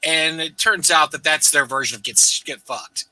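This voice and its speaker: A man's voice: on the high side, normal speed, bright, forceful tone, a little hiss or hum. A man co-hosting a casual live stream, telling rambling self-deprecating stories. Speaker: co-host. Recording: dry, distant from the mic.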